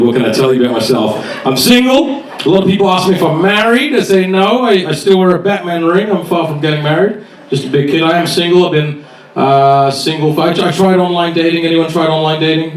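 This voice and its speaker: Guy doing stand-up, swears a lot, picks on the crowd, slightly high voice, echoey room, from a distance. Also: brisk. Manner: profane, teasing the audience. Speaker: stand-up comedian. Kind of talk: stand-up comedy set with crowd work. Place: comedy club stage. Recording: echoey club, distant mic, loud audience.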